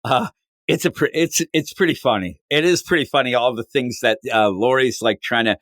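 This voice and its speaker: A man's voice: normal speed, fairly bright tone, dry recording. Rambling man with a dry close sound. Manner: rambling, acts out characters' lines with big pitch jumps. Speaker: podcast co-host. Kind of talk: casual chat reviewing comics.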